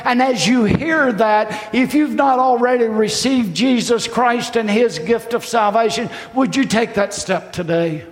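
High-voiced impassioned preacher in echoing hall. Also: male voice, unhurried, few pauses. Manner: impassioned, rising to shouts then dropping to a hush. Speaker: pastor. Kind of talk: sermon. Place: church sanctuary. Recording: echoey hall with long reverb.

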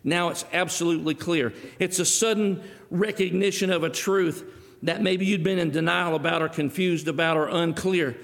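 A man's voice: on the high side, steady tone, normal speed, gravelly, fairly bright tone. A middle-aged man preaching a sermon in a church, telling stories in a folksy way and acting out the dialogue himself. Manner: folksy storytelling, acts out dialogue. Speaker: pastor. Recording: long hall reverb.

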